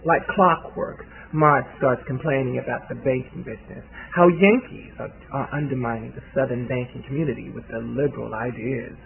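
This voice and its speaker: A man reads a story aloud in a measured, steady way. His mid-pitched voice has a gravelly edge. The recording sounds thin and phone-like. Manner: measured reading with occasional restarts. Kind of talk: scripted story narration.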